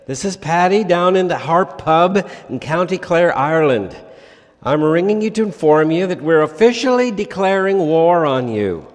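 A man's voice: animated, moderate pace, natural voice. A man putting on a cheeky Irish pub man. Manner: put-on Irish voice, high and loud. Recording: long hall reverb.

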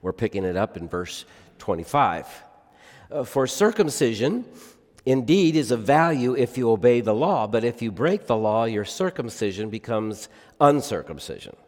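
A man delivers a sermon with a medium-pitched voice, pressing his points with emphatic rises and quiet, pointed drops. The sound rings with a long reverb, as in a large church sanctuary. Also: big pitch swings, normal speed. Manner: emphatic preaching with wide swings between loud and hushed. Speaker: pastor.

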